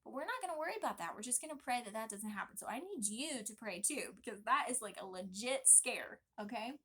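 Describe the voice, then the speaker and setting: A young woman vlogging casually, talking in an emphatic, chatty and animated way. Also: on the high side, quick pace, husky. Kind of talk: casual pregnancy vlog talk.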